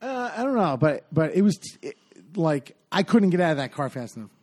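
A man's voice: a little high, very animated, fairly quick, darkish tone. A man telling a long story in casual podcast chat, rambling with many fillers and acting out what people said.

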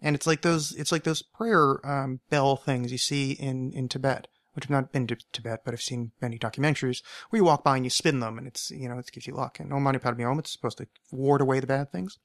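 A young man in a solo podcast wanders through a long story, stopping to correct himself and circle back. His voice sits at a middle pitch and comes through dry and close on the mic. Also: steady tone, fairly quick, few pauses, no echo. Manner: rambling, self-correcting anecdotes. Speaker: podcast host.

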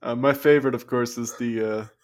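Guy cohosting a comedy podcast, dry wry jokes, laughs a lot, middle pitch. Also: steady tone, moderate pace. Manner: dry, wry delivery, often breaking into laughter. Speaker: podcast co-host. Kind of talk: casual comedy podcast banter.

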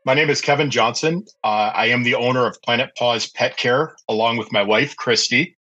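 Forceful, husky middle-aged man. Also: medium pitch, moderate pace, muffled recording. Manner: chatty, anecdotal, with many fillers and restarts. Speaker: podcast guest, pet care business owner. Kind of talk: casual storytelling interview.

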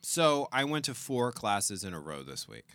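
A man in his forties co-hosting a podcast, chatting casually, animated and self-deprecating with frequent laughs. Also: on the low side, moderate pace, dry recording. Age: 40s. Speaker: podcast co-host. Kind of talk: casual banter.

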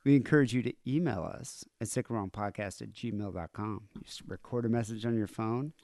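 A man's voice: lowish voice, a little fast, creaky, a little mellow, dry recording. Man, podcast host, casual rambling chat, fillers, dry close sound. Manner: rambling, filler-heavy, laughs easily.

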